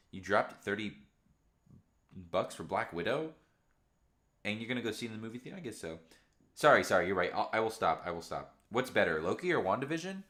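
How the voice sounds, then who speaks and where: A young man with a low, deep voice chats casually with viewers on a late-night home livestream. He rambles with excited fan energy, and his pitch jumps up when he gets worked up. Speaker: livestream host. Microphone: camera microphone.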